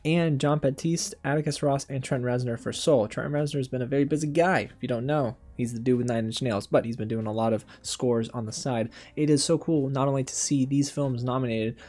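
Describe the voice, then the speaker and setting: A young man hosting a casual film reaction show, animated and exasperated, talking straight to his viewers. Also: medium pitch, brisk, hardly any pauses. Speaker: film critic and channel host.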